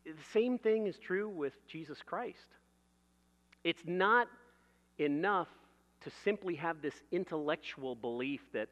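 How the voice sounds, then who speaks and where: A man's voice: on the high side, lively intonation, measured pace, fairly bright tone, in a large hall, dull audio. A man preaching a sermon in a conversational way, building vivid everyday illustrations and laughing at his own jokes.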